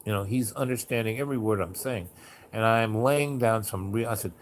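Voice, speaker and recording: A little fast and on the low side, this man's voice drives a rambling storytelling monologue he hosts, heavy on "you know" and "like." He raises his voice theatrically to act out quotes, and a faint hiss or hum is present.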